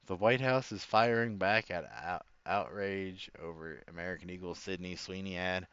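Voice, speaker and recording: Casual reaction host: a man, low and smooth voice, dry and slightly dull lo-fi sound, rambling and slangy. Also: moderate pace, a bit bright, no room sound. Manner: rambling, slangy, keeps saying bro. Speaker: commentator.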